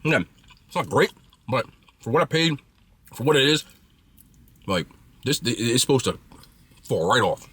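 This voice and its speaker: A man's voice: mid-range voice, sing-song, measured pace, long pauses, a bit bright, slightly rough. A man casually reviewing food he is eating, chatty and blunt, with loose slangy talk.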